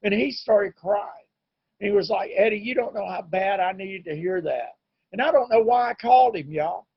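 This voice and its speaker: Earnest man with a husky voice. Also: a little high, no room sound, muffled recording. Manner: earnest, plain-spoken, candid. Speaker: recovery meeting speaker. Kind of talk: personal testimony talk. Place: home, online meeting.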